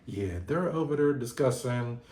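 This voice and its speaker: A man hosting a casual reality TV recap, talking in animated, slangy, gossipy bursts and laughing often. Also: medium pitch, moderate pace. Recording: roomy echo.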